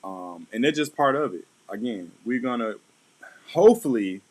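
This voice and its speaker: With a mid-range, expressive voice and a moderate pace, a middle-aged vlog host chats informally about marriage advice, regularly adding "right?". The audio is poor.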